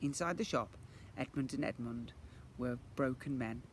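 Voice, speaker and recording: A man, a primary school teacher, reading a children's book aloud in an expressive way. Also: mid-range voice, normal speed, slight background noise. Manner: animated, expressive storyteller.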